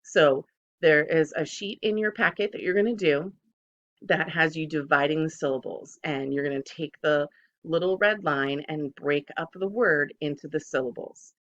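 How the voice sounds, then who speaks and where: A second grade teacher giving a recorded phonics lesson to children, patient and deliberate, saying each word twice to model it. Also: medium pitch, fairly bright tone, highs cut off.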